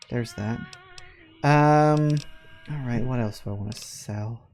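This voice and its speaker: A sleepy man talks his way through a video game, half to himself, mumbling item names and drifting off into asides. His voice sits at an ordinary middle pitch, and faint music plays underneath. He keeps stifling yawns. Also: measured pace, darkish tone. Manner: rambling, muttering to himself. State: tired, yawning. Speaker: gaming video creator. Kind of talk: let's play commentary.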